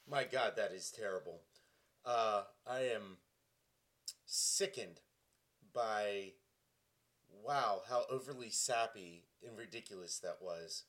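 A man's voice: fairly low pitch, slow, pauses often, a bit bright. Self-mocking man in his forties. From Tennessee, US. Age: 40s. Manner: self-deprecating, mock-dramatic delivery. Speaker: comedic vlogger. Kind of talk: self-mocking dramatic reading.

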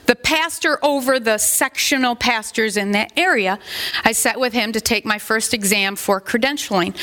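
A woman's voice: a little high, fairly bright tone. A middle-aged woman pastor giving a sermon in a conversational, rambling way, with asides that rise into emphatic questions.

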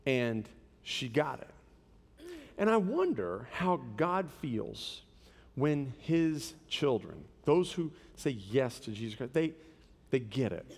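A man's voice: mid-range voice, very animated, slow pace, gravelly, in a large hall. A pastor in his thirties preaching a sermon, conversational and telling stories with humor.

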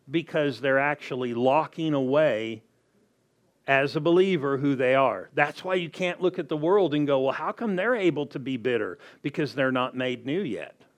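A man's voice: medium pitch, normal speed. A man preaching a sermon as pastor, reading scripture aloud and putting rhetorical questions to his congregation.

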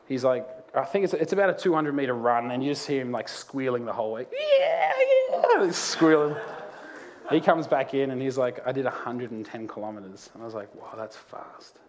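A man preaching a sermon in a church, a lively storyteller who laughs through his anecdotes. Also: medium pitch. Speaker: pastor. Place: church auditorium.

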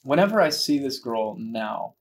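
Male co-host, casual relaxed chat, mid-range voice. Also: mid-range voice, normal speed. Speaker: podcast co-host.

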